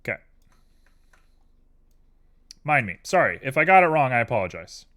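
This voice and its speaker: A man's voice: medium pitch, very animated, normal speed, fairly bright tone. A tired man chatting casually and rambling drowsily on a live stream while he works on a 3D model at his computer.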